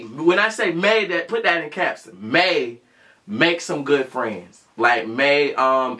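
A man's voice: medium pitch, bright, forceful tone. A man co-hosting a casual chat, rambling and circling back with many fillers. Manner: rambling, lots of fillers and restarts. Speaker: co-host.

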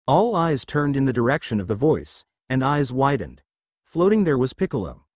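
A man narrating a fan-fiction story in a steady reading voice. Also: mid-range voice, moderate pace, dry recording.

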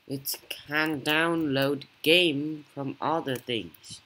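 A woman YouTuber giving casual gameplay commentary, excitable and quick to blurt out exclamations. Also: low-pitched. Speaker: gaming YouTuber.

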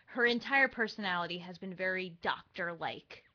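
Bright, lively young woman. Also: lowish voice, normal speed. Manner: lively, frank. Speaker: podcast co-host. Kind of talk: casual fan podcast chat. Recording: dull lo-fi livestream audio.

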